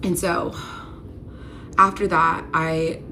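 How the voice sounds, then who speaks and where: A woman's voice: low-pitched, flat delivery, slow pace, pushed and bright, a little hiss or hum. A young woman candidly telling a personal story to her viewers in a conversational way, full of "like" fillers and growing emotional. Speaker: storyteller recounting a personal experience.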